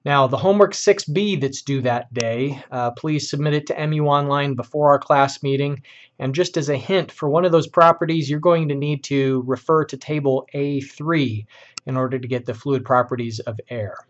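A male engineering professor giving a recorded class lecture, explaining problems in a measured way with frequent fillers and pauses. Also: mid-range voice, fairly even intonation, muffled recording.

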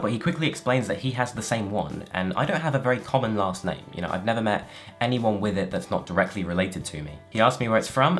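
A man telling a personal story about his first trip alone in a quick, conversational way. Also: fairly low pitch, fairly bright tone.

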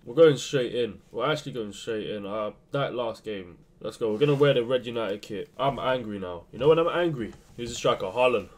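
A young man commentating his own football video game match, swinging between low muttering and sudden shouts. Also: a little fast, few pauses. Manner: excitable, swings from muttering to yelling. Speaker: gaming youtuber. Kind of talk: live gameplay commentary.

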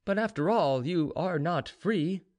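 A man's voice: high voice, lively intonation, measured pace, darkish tone, pitched above the performer's own voice. A man voicing a bitter, envious male servant who talks in a sceptical, challenging way.

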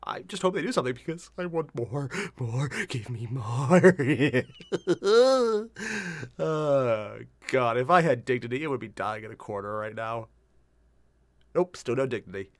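A reaction host giving excitable, profane casual commentary. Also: medium pitch, unhurried, dry recording. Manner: excitable, swears, laughs.

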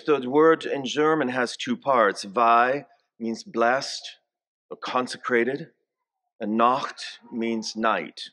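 A man's voice: medium pitch, fairly bright tone. A man in his sixties, a bishop, giving a homily in a church, telling family stories and coaxing the congregation to repeat greetings. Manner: slow, story-telling preacher who coaxes the congregation to repeat greetings.

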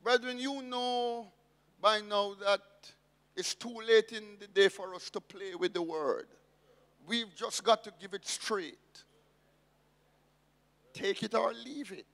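A man's voice: high voice, takes it slowly, long pauses, fairly bright tone, long reverb tail. A man preaching a sermon as pastor, emphatic and repeating his key phrases.

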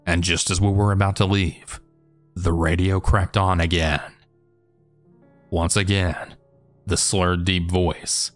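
Man, very deep voice, horror story narration, matter-of-fact, faint music underneath. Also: fairly even intonation, a little slow.

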